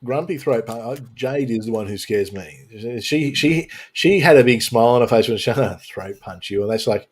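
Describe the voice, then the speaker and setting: A man's voice: medium pitch, expressive, moderate pace, few pauses, slightly rough. A man hosting a casual panel chat on a live stream, joking and sarcastic, with mock-serious bits, talking into a home mic on a video call.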